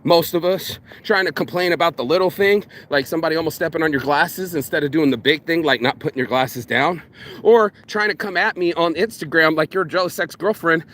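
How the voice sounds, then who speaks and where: A vlogger rants casually to camera at a brisk clip, profane and animated. He swings between loud, mocking quotes and low, intense asides.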